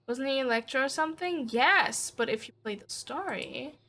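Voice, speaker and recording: A woman streaming a video game, talking casually in an excitable way, swearing freely and laughing often. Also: high-pitched, moderate pace, slight background noise. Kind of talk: casual gaming livestream.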